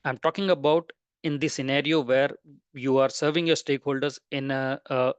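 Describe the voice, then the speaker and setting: A man's voice: mid-range voice, steady tone, normal speed, clear, resonant tone, dry recording, highs cut off. A man presenting a webinar lecture, explaining step by step and listing terms one after another.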